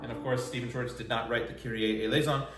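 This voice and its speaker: A man's voice: medium pitch, fairly even intonation, fast talker. Eager man teaching songwriting. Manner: enthusiastic, explanatory, sings quoted lyrics. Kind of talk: song analysis lesson. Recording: roomy echo, faint music.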